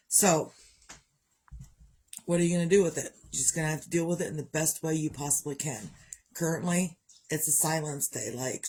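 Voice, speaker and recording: A woman's voice: deep voice, moderate pace, pauses often, a little mellow. A woman talking frankly to camera in a rambling personal monologue, swearing freely and coughing now and then. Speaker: vlogger.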